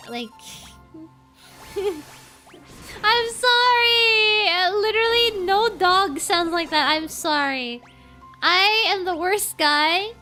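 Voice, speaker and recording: A woman's voice: very high-pitched, sharp tone. A woman streaming a game and chatting casually with her viewers, reacting to the game and to chat as she plays. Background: faint game music.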